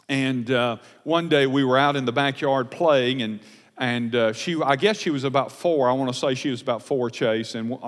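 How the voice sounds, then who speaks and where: A man pastor preaching a sermon, earnest and emphatic, recorded in a large church sanctuary. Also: mid-range voice. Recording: long church hall reverb.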